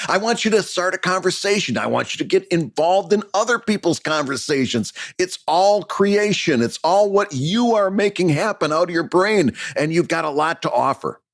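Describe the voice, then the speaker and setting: A man's voice: sits high, animated, normal speed, hardly any pauses. A man co-hosting a podcast, giving emphatic, coaching-style advice in casual chat. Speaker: podcast co-host.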